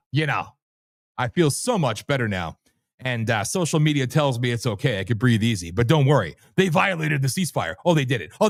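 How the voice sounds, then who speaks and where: A man hosting a livestream, delivering loud, brash, sarcastic commentary laced with profanity. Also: mid-range voice, no room sound, studio quality. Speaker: livestream host. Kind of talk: ranting commentary.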